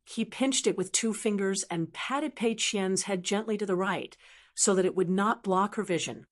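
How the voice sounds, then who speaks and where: A woman giving scripted audiobook narration in an even, measured reading. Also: medium pitch.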